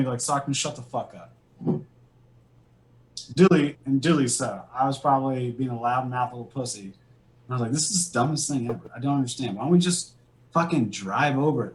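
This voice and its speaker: A man's voice: mid-range voice, expressive, a little fast, low-quality recording. Profane, rambling male army veteran. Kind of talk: casual war storytelling.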